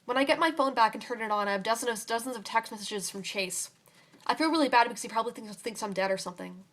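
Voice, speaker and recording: A young woman reading her own story aloud in a quiet, halting way, with fillers and restarts. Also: fairly high pitch. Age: young adult.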